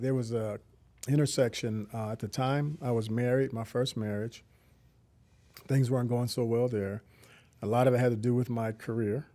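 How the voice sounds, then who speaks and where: Earnest middle-aged man, mellow voice. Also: medium pitch. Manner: earnest and reflective, with frequent restarts. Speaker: guest, community founder. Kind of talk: personal faith testimony in an interview.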